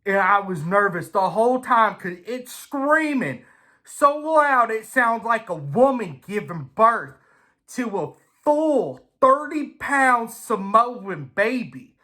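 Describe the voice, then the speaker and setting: A man telling a casual, swear-filled story in an animated way. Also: high-pitched, slow. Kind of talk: casual anecdote.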